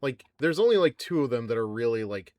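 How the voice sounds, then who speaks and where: A man's voice: mid-range voice, animated, brisk, darkish tone, no echo. A man streaming a fighting game, chatting casually and reading the game dialogue aloud in playful voices. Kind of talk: casual let's-play commentary. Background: game music.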